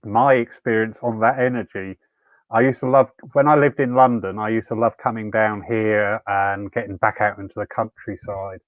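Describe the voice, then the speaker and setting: Over a video call with tinny, phone-like audio, a man hosts a church evening and tells a personal story, chatty and anecdotal and quick to laugh. His lowish voice has fairly even intonation, a normal speed and no room sound.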